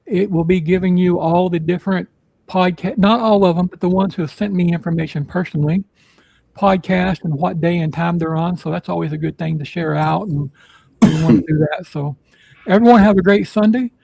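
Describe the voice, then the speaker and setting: A man hosting a casual live podcast, his voice pitched on the high side with a gravelly fry running through it. He rambles through announcements with plenty of "uh" and "you know." The sound is dry and close. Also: fairly even intonation, fairly quick, dark tone, dry recording, rough recording. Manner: rambling, filler-heavy announcements. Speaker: podcast host.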